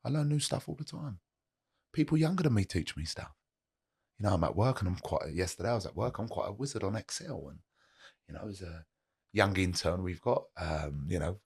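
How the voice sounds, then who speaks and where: Speaking a little fast and expressively in a gravelly, husky low voice, a man appears as a podcast guest and tells his story candidly. He is earnest, motivational and plain-spoken, hammering his points home through repetition.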